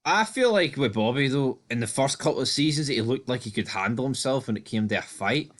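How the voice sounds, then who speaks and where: A man's voice: mid-range voice, lively intonation, brisk. Blunt, easygoing man. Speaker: podcast co-host. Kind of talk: casual TV recap chat.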